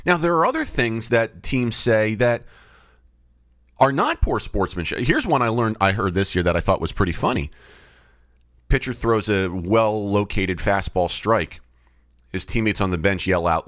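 This middle-aged podcast host and baseball umpire has a lowish, slightly bright voice with lively intonation, speaking at normal speed. In a reflective solo talk he muses, quizzes himself and restarts sentences often. The sound is dry and close-miked, with no echo.

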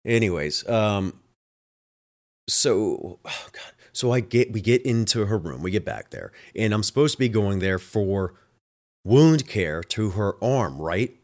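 A man's voice: lowish voice, animated, unhurried, darkish tone. A man hosting his own show, a home health nurse telling a work story in a casual, exasperated way, often swearing.

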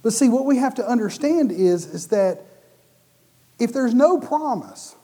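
A man preaching a sermon, animated and often restarting or repeating his words mid-sentence. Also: extremely high pitch, unhurried.

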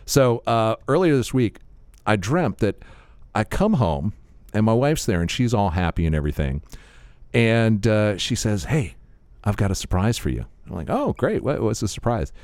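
Animated, laughing man. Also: on the low side, normal speed, no echo. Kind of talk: casual chat.

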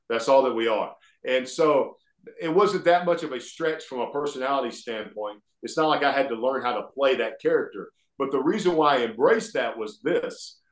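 A middle-aged man with an Alabama Southern accent, a guest telling stories in a folksy, animated way. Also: medium pitch. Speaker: guest, former pro wrestler. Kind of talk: casual storytelling interview. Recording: echoey room.

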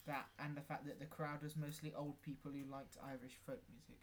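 A man's voice: a little high, flat delivery, brisk, a little hiss or hum. A young man ranting about gigs. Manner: sarcastic, swearing ranter. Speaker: podcast co-host. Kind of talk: casual chat.

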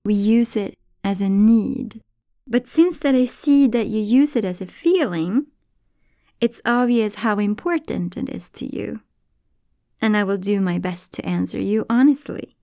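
A woman voicing a wise giraffe puppet who explains things calmly and patiently. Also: mid-range voice, measured pace, no room sound, clean studio sound.

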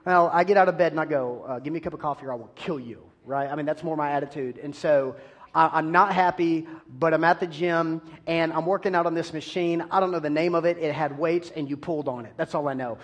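A man preaching a sermon, telling an animated, self-deprecating story about himself. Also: fairly high pitch, brisk.

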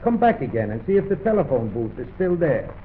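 A man delivering a deadpan comic monologue on an early gramophone record, mimicking the phone voices he describes. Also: fairly high pitch, fairly quick, phone-quality sound, a little hiss or hum. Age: 1910s archive recording.

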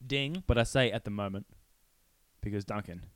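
A man's voice: fairly low pitch, fairly even intonation, a little fast, dry recording. A man co-hosting a podcast in casual chat, rambling and laughing often as he trails off and restarts. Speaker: podcast co-host.

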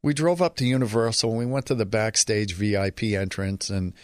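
Male interview guest, low-pitched, dry close recording, animated storyteller who does the voices of the people in his story. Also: brisk, no room sound. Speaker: guest telling a personal story. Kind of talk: conversational storytelling.

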